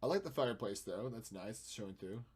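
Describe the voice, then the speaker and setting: A man streaming while he edits photos, chatting and thinking aloud, with playful sound effects and jumps between loud and quiet. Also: lowish voice, lively intonation, quick pace, breathy edge. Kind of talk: casual live-stream commentary.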